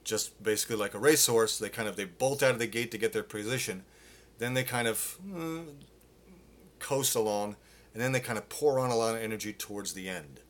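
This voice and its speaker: A middle-aged man teaching a live singing Q&A, explaining casually with lots of fillers and quick demonstrations. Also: fairly low pitch. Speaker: vocal coach.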